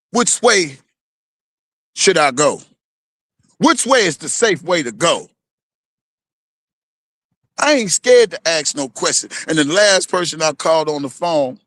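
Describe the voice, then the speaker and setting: A man's voice: a little high, fairly bright tone, no room sound. Man, heated profane rant, preachy repetition, dry close sound. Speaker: vlogger.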